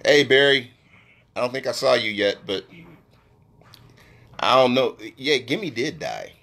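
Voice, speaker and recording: A man's voice: measured pace, creaky. Brash profane man ranting on a phone stream. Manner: profane, brash trash talk, jumps to a high excited pitch. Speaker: live-stream sports show host. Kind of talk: casual live-stream rant.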